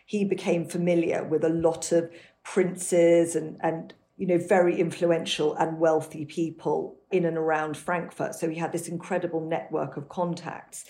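Woman, low voice, interview guest, fluent, detailed historical storytelling. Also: little pitch movement, normal speed, warm tone. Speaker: author and guest. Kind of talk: interview answers.

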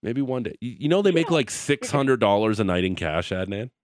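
A man's voice: on the low side, sing-song, brisk. A male radio host bantering playfully and joking with his co-host and guest. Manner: playful, joking, goofy impressions.

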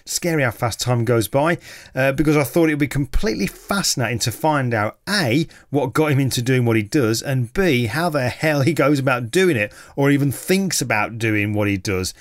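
A man's voice: medium pitch, expressive, moderate pace, dry recording. Chatty male podcast host, dry sound. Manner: enthusiastic, chatty. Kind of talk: solo podcast intro.

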